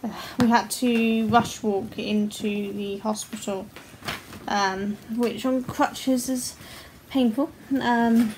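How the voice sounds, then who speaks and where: With a fairly high, a little mellow voice and fairly even intonation, a crochet vlogger in her forties talks slowly to camera at home. She's casual, laughs often and swears freely, over a faint hiss or hum.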